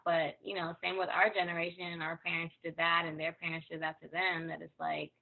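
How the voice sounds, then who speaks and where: A woman co-hosting a casual chat, giving relaxed, matter-of-fact opinions over a tinny, phone-like line. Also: fairly low pitch, brisk, creaky, hardly any pauses. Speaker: podcast co-host.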